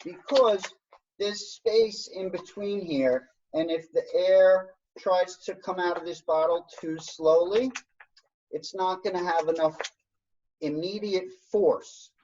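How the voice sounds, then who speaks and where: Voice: medium pitch, darkish tone, slight background noise. An instructor teaching an online science workshop, explaining step by step in an encouraging way over a video call. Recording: dull lo-fi video call audio.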